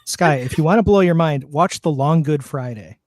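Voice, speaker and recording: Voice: medium pitch, moderate pace, darkish tone, no room sound. A podcast co-host in casual chat, eagerly recommending films with frequent restarts. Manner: enthusiastic film recommendations, restarts a lot. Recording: dry close mic.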